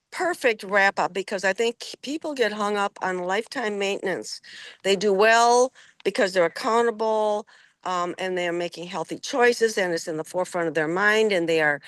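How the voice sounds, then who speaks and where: Woman health coach, middle-aged, enthusiastic, emphatic repetition, mid pitch, dry sound. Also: a bit bright, no room sound. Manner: enthusiastic, repeats phrases for emphasis. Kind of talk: casual group chat.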